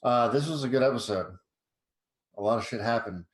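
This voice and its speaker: A man playing in a tabletop game, talking in a slow, sleepy, hesitant way as he signs off. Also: medium pitch, reverberant, a little hiss or hum. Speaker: player. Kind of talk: casual chat.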